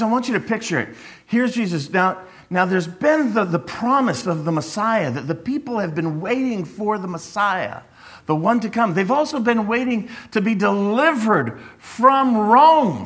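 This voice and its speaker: A middle-aged man preaching a sermon as a pastor, conversational and animated, telling stories with frequent restarts. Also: sits high, measured pace, husky.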